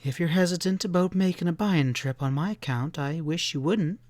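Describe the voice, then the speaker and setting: A man's voice: on the high side, moderate pace, darkish tone, no echo, close to an everyday voice. A man voicing a determined, prim ranch wife in a western audiobook, speaking firmly and insistently. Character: determined ranch wife, middle-aged woman. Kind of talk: audiobook character voice.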